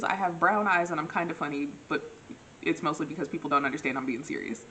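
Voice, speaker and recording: Young woman vlogging a dating story, kinda low voice, jokes on herself a lot, faint hiss. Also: fast, low-quality recording. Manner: animated, acts out quotes with big pitch jumps; self-mocking, laughs often. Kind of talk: casual storytelling.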